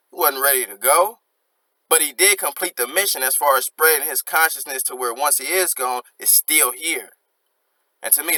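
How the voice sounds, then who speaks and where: A man's voice: mid-range voice, bright, forceful tone, no room sound, low-quality recording. A young man casually breaking down rap lyrics, reflective and earnest, dropping slang and reciting lines as he goes. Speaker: music reaction host.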